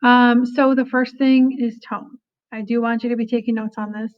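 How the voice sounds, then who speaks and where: Relaxed teacher woman, dull lo-fi audio. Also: on the high side, moderate pace. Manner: casual, many fillers and hedges like "kinda". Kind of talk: recorded classroom lesson.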